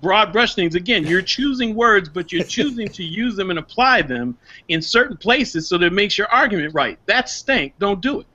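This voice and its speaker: A man's voice: high-pitched, animated, normal speed, sharp tone, highs cut off. Firm lecturing man on a video call. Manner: firm, lecturing, cuts in with repeated commands. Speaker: panelist mediating a discussion. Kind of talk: heated casual debate.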